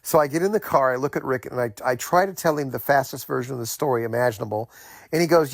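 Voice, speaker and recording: Middle-aged man, gravelly voice, rambling personal story, dry close sound. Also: mid-range voice, no echo. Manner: rambling, halting, many fillers and restarts. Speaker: host telling a personal story. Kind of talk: casual first-person storytelling.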